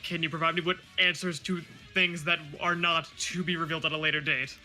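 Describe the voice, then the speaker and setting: Bright, high-voiced exasperated man. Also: flat delivery, a little fast, soft background music. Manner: exasperated, profane, insistent. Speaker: player. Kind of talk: in-character tabletop play.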